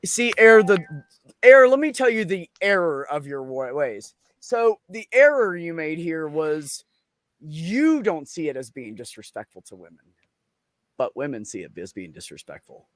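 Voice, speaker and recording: A man hosting a casual group chat, talking loudly with lots of swearing and laughter. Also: fairly high pitch, sing-song, unhurried, no echo. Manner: loud, profane, laughing often.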